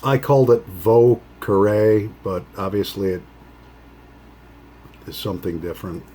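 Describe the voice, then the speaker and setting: Slow, low-voiced man hosting a pipe vlog. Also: dark tone. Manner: rambling, halting, with many fillers and restarts. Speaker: pipe-smoking channel host. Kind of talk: casual chat vlog while smoking a pipe.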